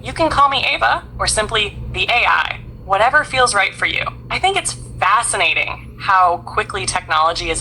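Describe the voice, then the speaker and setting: A woman's voice of an AI assistant, polite, even and helpful. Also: medium pitch, a little hiss or hum. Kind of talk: synthetic assistant speech.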